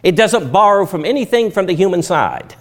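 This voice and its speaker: A man's voice: high-pitched, expressive, brisk. A man preaching a sermon, with emphatic rises and drops and folksy turns of phrase.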